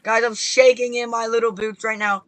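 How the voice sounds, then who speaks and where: An excitable gaming creator giving live gameplay commentary, chatty and repetitive, constantly talking to viewers and bursting into shrieks when startled. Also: medium pitch, moderate pace, no room sound. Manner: repetitive, chatty, playful slang.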